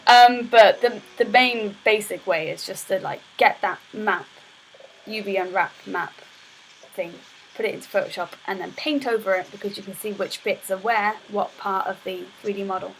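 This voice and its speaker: A woman's voice: mid-range voice, fairly even intonation, moderate pace, a little hiss or hum, rough recording. A young woman casually streaming her game development work, chatting in a rambling way full of fillers and restarts. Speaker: game dev student streamer. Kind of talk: casual live stream chat.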